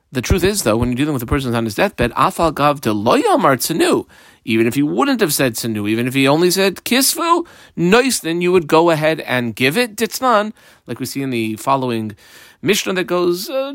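A man's voice: fairly high pitch, big pitch swings, fairly quick, a bit bright, dry recording. Man teaching Talmud line by line. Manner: explains text line by line, mixing Aramaic phrases with English. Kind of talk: Talmud lesson.

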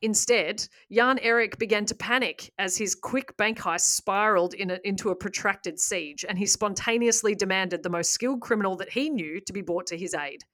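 A woman hosting a casual podcast, retelling a story with lively asides and laughs. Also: medium pitch, normal speed, hardly any pauses. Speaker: podcast host.

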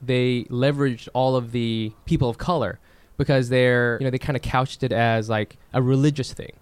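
A man co-hosting a casual podcast chat, animated, with many restarts and "you know"s. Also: mid-range voice, normal speed, smooth, no echo.

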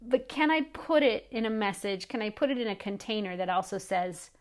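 A woman's voice: mid-range voice, expressive, brisk, few pauses. A middle-aged woman hosting a faith podcast, speaking earnestly and pleadingly, often repeating phrases for emphasis. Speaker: podcast host. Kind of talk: faith-based encouraging talk.

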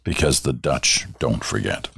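An older Canadian radio host speaks with a bass voice, lively intonation, and a measured pace, his tone creaky with a breathy edge. In this casual talk radio monologue, he tells stories warmly and reads letters sent in by listeners.

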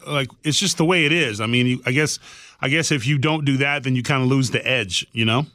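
A man with a medium pitch and a pushed, bright voice talks a little fast as he co-hosts a podcast. He tells a story earnestly in casual chat, acting out the quoted lines of the people in it, in a studio-quality recording with no room sound.

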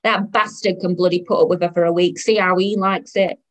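A woman voicing a brash, boozy Welsh woman in her thirties who shouts at her child on a train. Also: on the low side, fairly even intonation, a little fast, close to an everyday voice. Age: 30s. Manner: shouting, coarse and mocking.

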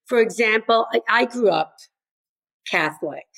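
A woman's voice: on the high side, lively intonation, moderate pace, gravelly, fairly bright tone. An older woman, a grandmother and educator, speaking earnestly as an interview guest and acting out what kids and parents say. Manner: earnest, acts out quoted voices. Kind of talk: conversational interview.

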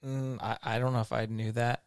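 A man's voice: mid-range voice, level tone, fairly quick, smooth, dry recording, clean studio sound. A man co-hosting a podcast, chatting casually and agreeably, laughing easily. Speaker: podcast co-host. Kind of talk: casual chat.

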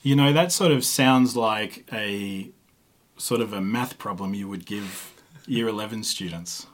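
A man co-hosting a comedy news show, dropping deadpan one-liners in casual banter. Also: on the low side, measured pace, background noise. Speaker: co-host.

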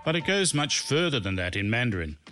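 A man's voice: medium pitch, sing-song, brisk. A middle-aged man, reading a humorous memoir of his own with dry, self-mocking wit. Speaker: memoir narrator. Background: background music.

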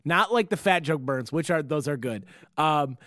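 A male comedian riffs in loose podcast banter, piling up fillers and swearing as he rambles. His voice sits a little high. The sound is dry and close, with no room around it. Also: lively intonation, normal speed, a bit bright, no echo. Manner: rambling, profane storytelling with many fillers. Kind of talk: casual comedy podcast chat.

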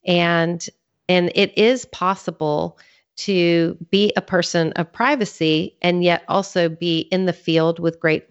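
A woman with a fairly low voice talks earnestly as a podcast guest, working through her points in order. The recording is a little dull and lo-fi, and her delivery stays conversational and teacherly. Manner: earnest, teaching, lays out points in a clear sequence. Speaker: podcast guest, author and ministry leader. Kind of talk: conversational interview talk. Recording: slightly dull lo-fi sound.

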